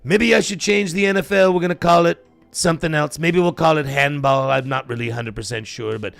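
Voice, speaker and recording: A man puts on a boastful older politician who brags in rambling superlatives. The voice sits a touch high and has a gravelly edge. The sound is close and dry. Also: fairly quick, fairly bright tone, no room sound, faint music behind. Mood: musing.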